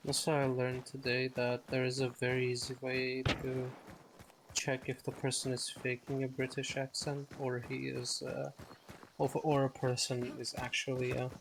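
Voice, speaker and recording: A man in casual gaming chat with a co-player, relaxed and chatty, swearing now and then. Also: mid-range voice, moderate pace, gravelly, background noise.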